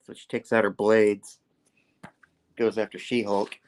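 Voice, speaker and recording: A man's voice: fairly low pitch, level tone, a little slow. A man reviewing a comic book on a casual talk show, retelling the story with lots of "like" and "you know". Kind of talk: casual chat.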